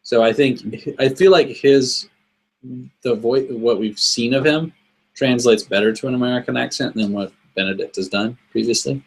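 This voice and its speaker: A man's voice: medium pitch, moderate pace, breathy edge, rough recording. A man, the host's brother and guest, talking through a casual movie discussion with repeated phrases and restarts.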